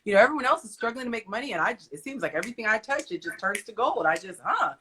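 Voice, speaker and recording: A woman and mother talking casually about faith on a live stream, an animated storyteller who acts out the dialogue. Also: a little high, very fast, slight background noise. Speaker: guest, mother. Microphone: live stream call.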